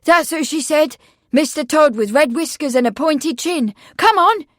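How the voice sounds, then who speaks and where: A woman voicing a thin, freckled young boy who is out of breath and urgent as he shouts for the constable. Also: sits high, unhurried, no echo, clean studio sound, voice pushed up. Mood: excited.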